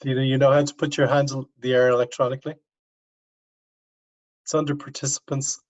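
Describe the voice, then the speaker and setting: A man's voice: mid-range voice, little pitch movement, brisk. A male university professor teaching an online class, coaxing students step by step over a video call. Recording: dull lo-fi video call audio.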